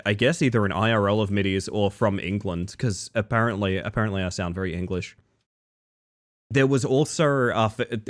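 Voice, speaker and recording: Male streamer from Western Australia, casual rambling chat, animated pitch, desk mic. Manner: chatty, rambling, laughs often.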